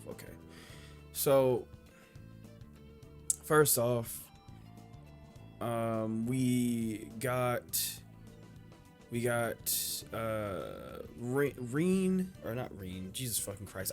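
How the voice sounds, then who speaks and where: A man reacting to an anime episode in casual commentary. He is emotional and swears a lot, shouting at the screen and then stammering through quiet, halting thoughts. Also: mid-range voice, lively intonation, faint music behind. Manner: exclaims loudly at the screen, then rambles quietly.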